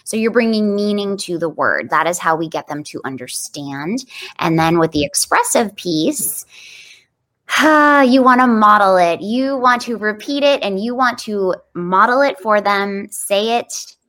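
A woman's voice: medium pitch, unhurried. A woman on a podcast explaining plainly and energetically how to teach toddlers new words. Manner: lively, explanatory, demonstrative.

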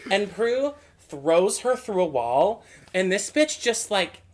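A woman's voice: medium pitch, big pitch swings, slow. A woman co-hosting a podcast in casual chat, snarky and laughing often as she recaps and mocks characters. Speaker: podcast co-host.

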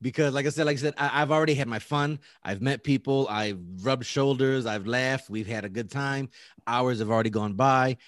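A man's voice: medium pitch, steady tone, moderate pace, no room sound, studio quality. A man casually telling a story, acting out quotes, laughing often and swearing.

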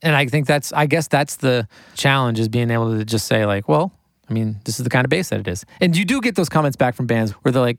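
A man's voice: mid-range voice, dry recording. Hyped-up producer guy, lots of "like", laughs a bunch, dry close mic. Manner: excitable, quick, laughs often, says like a lot. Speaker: record producer and engineer. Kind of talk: casual podcast interview.

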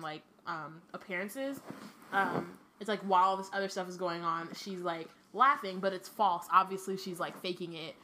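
A woman's voice: on the low side, pushed and bright, a little hiss or hum. A woman co-hosting a casual book discussion, rambling with many fillers and restarts. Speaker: podcast co-host.

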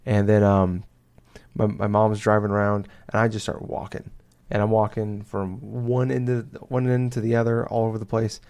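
A young man with a lowish voice tells a story in a casual podcast chat. He rambles, with lots of halting restarts and fillers. It sounds like an easygoing, unscripted talk between friends. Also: little pitch movement, darkish tone, clear, resonant tone.

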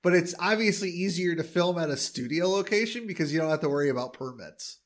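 A man co-hosting a podcast in casual chat, relaxed and wry. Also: fairly high pitch, fast. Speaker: podcast co-host.

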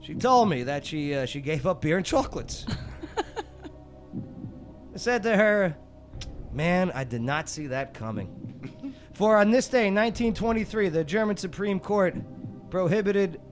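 A man hosts a radio trivia bit, his voice climbing and dropping as he tells joke riddles. His pitch runs a bit high for a man. Soft music plays faintly behind him. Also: moderate pace, long pauses. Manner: playful, sets up pun riddles, animated. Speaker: radio show host. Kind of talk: joking trivia banter.

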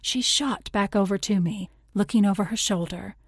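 A woman reading a first-person literary audiobook in a measured, intimate way, slipping into whispers on tender passages. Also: mid-range voice, husky, no room sound, clean studio sound. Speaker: audiobook narrator.

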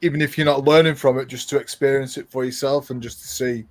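A man talking in a relaxed podcast chat, repeating his phrases as he goes. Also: medium pitch, fast. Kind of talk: casual chat.

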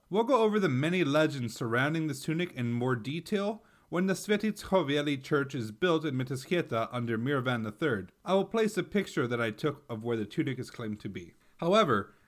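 Male podcast host, slightly higher voice, animated delivery with wry asides. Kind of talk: scripted podcast narration.

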